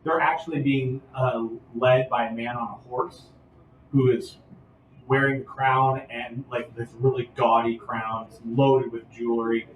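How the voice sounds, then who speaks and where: A man narrating as game master, describing scenes in relaxed, halting phrases. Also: mid-range voice, narrow, tinny audio. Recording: roomy room, distant mic, faint hiss.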